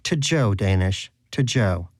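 A man's voice: lowish voice, animated, takes it slowly, no room sound, clean studio sound. A man voicing a pious, grumpy, hungry male pet rodent with a preachy, indignant manner in a storybook reading. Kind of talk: storybook character voice.

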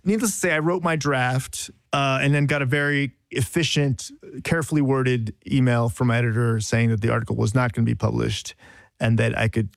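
A man's voice: mid-range voice, steady tone, a little fast, vocal fry, no room sound, studio quality. A man, a journalist, telling a self-deprecating story on a podcast in a rambling, casual way with frequent restarts.

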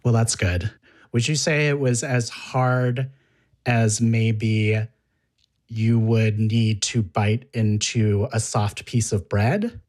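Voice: mid-range voice, fairly even intonation, slow pace, a little mellow. An interviewer asking curious follow-up questions and reacting with short interjections.

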